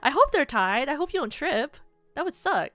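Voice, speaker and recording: A woman's voice: sits high, very animated, normal speed, a bit bright, no room sound, faint music behind. A woman VTuber streamer chatting casually, spinning rambling hypotheticals with lots of "like" and frequent giggles. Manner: giggly, rambling, heavy use of "like".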